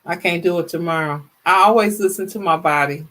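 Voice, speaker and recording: A woman's voice: lowish voice, fairly quick. A woman in her fifties hosting a casual livestream. She sounds worn out and chats with her viewers. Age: 50s. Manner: chatty, animated, laughs often, talks to viewers as y'all. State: tired, worn out. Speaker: livestream host. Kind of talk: casual livestream chat, reading viewer comments.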